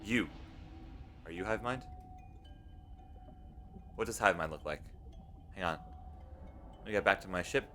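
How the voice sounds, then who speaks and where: Man, gaming streamer, somewhat low but bright tone, rambling casual chat, faint music behind. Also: brisk, pauses often. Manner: rambling, swings between loud pleading and soft mumbling.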